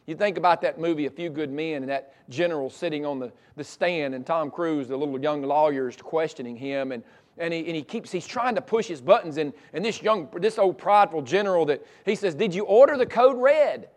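A pastor preaching a sermon with passion, often restarting and repeating his words, and swinging between loud and hushed delivery. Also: on the high side, fairly quick. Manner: frequent restarts and repetitions.

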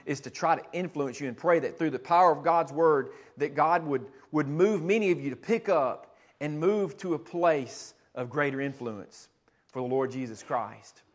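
A man's voice: a little high, moderate pace. Earnest preacher man. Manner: earnest preaching with repeated phrases and restarts. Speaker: pastor. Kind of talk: sermon.

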